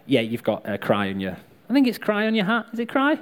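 A man's voice: high voice, wildly swooping pitch, brisk. A man preaching a sermon in a chatty, joking way, talking straight to the people in front of him and calling them up to help. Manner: chatty, joking, addresses the crowd directly. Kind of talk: sermon with live props and volunteers.

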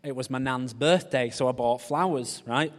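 A man with a mid-range voice preaches a humorous, story-led sermon at normal speed, giving animated voices to the people he quotes. The long reverb of a large hall surrounds him.

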